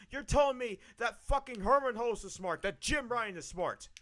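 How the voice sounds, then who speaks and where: A man's voice: high-pitched, expressive, normal speed, few pauses, a bit bright. A man streaming live, ranting angrily with heavy swearing and repeating his points. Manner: profane, angry, repeats himself.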